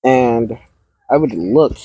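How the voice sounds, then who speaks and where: A man's voice: medium pitch, animated, takes it slowly, mellow, husky, no room sound, low-quality recording. A man telling an improvised fan story aloud, rambling along and stopping to restart parts.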